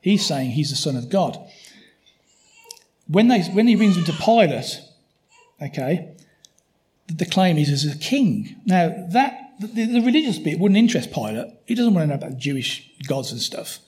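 Chatty preacher, fairly high voice. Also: male voice, sing-song, normal speed, a little mellow. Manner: conversational, frequent tag questions. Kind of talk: sermon.

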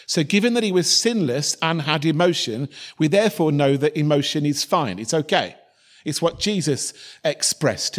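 Man preaching, earnest, reflective, voice a little high. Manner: earnest and reflective, with some restarts. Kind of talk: sermon.

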